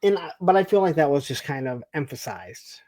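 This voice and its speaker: A man from the Detroit suburbs co-hosting a casual TV recap, telling the story in an animated way and acting out the characters' lines. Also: fairly high pitch, fairly quick, dry recording. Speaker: podcast co-host.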